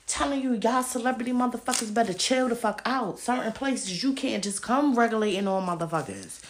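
Animated, swearing woman ranting at home. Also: mid-range voice, a little hiss or hum. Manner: loud, emphatic, swears constantly, addresses listeners as y'all. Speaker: podcast host. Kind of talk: casual profane rant to listeners. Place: at home, walking around the house.

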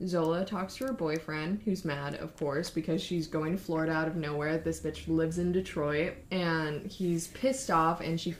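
A woman's voice: moderate pace, hardly any pauses, slight background noise. Young woman retelling a wild story. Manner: lively, acts out quotes with shifting pitch. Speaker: podcast co-host. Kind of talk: casual storytelling recap.

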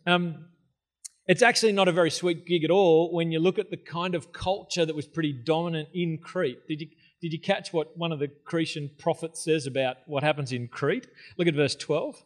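A man's voice: fairly high pitch, fairly even intonation, normal speed. A man preaching a sermon in a church, casual and joking, with conversational asides. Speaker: pastor. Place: church hall.

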